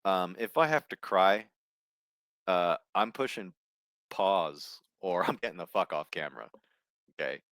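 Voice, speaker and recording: A man's voice: deep voice, lively intonation, unhurried, long pauses, fairly bright tone, no echo. A man hosting a solo commentary show, ranting bluntly and sarcastically with plenty of swearing. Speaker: host.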